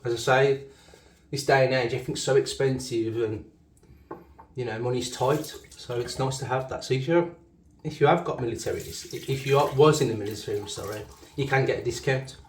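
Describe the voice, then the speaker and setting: A man's voice: medium pitch, a little fast, echoey room, recorded from a distance, a little hiss or hum. A man with a Black Country accent, chatting casually while shaving, often correcting himself and laughing. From Black Country, England. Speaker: shaving channel host. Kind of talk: casual rambling shaving commentary.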